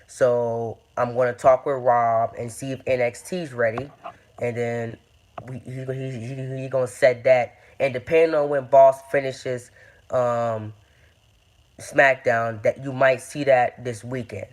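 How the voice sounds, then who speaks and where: A man's voice: mid-range voice, flat delivery, measured pace. Young man, rambling, lots of ums and restarts, casual update. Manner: rambling, many fillers and restarts. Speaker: YouTube game-series creator.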